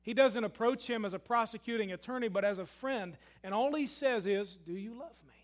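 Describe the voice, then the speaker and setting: A preacher with a high voice tells a story from the pulpit. He swings from loud, emphatic lines down to hushed asides. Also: fairly quick. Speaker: pastor. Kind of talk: sermon.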